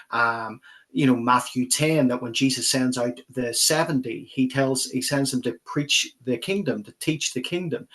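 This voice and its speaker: A middle-aged pastor with a mid-range, fairly bright voice appears as a guest on an interview show. He tells a personal story in earnest, vivid detail, speaking plainly and sincerely.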